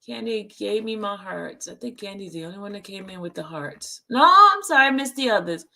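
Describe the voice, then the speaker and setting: A woman's voice: medium pitch, brisk, creaky, pushed and bright. A woman hosting a live stream, chatting casually and greeting her viewers with chatty, sing-song greetings.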